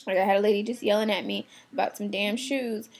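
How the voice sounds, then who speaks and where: A woman's voice: mid-range voice, quick pace. A young woman who works in a shoe department, venting bluntly and with exasperation, swearing casually. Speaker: shoe department retail worker. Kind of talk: venting to camera.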